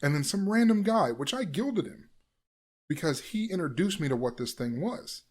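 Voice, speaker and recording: Profane, animated young man telling a scary story. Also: on the high side, moderate pace. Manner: profane, animated, swings between loud bursts and hushed asides. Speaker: vlogger telling a personal story. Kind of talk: casual storytelling to camera.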